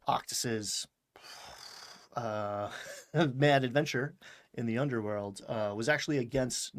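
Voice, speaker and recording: A man hosts a casual recap podcast, chatting in a loose, meandering way. He laughs often and slips into quick voices when he repeats what characters said. His voice sits at an ordinary pitch for a man. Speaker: podcast host recapping a show. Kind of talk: casual chat.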